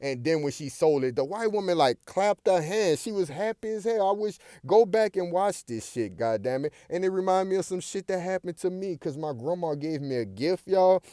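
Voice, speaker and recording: A man's voice: high-pitched, moderate pace, hardly any pauses, no room sound, studio quality. A man giving a casual, profane review of a sitcom episode, swearing constantly and talking straight to his listeners. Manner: animated, swears constantly, addresses listeners directly. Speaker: show reviewer.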